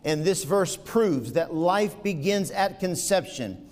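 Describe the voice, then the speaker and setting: Fervent male preacher, higher-pitched voice, long church reverb, rhetorical questions, quiet to loud. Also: lively intonation, takes it slowly. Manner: impassioned, swings from quiet asides to loud peaks. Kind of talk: sermon.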